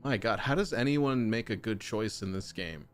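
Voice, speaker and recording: A man giving casual gameplay commentary as a streamer, chatty and breaking into excited oohs as he browses options. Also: fairly low pitch, normal speed, clear, resonant tone. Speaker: gaming streamer.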